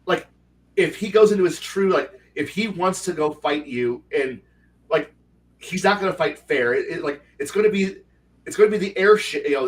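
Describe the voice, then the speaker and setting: A man's voice: fairly high pitch, distant mic. A man, a game master and co-host, telling a tabletop game story in casual, rambling chat with lots of fillers and restarts. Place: home livestream setup.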